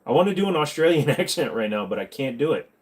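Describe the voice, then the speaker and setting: A man's voice: mid-range voice, expressive, fast talker, rough recording. A man hosting a casual livestream, answering viewer questions with crude jokes and banter aimed at his chat. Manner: crude joking banter, talking back to chat.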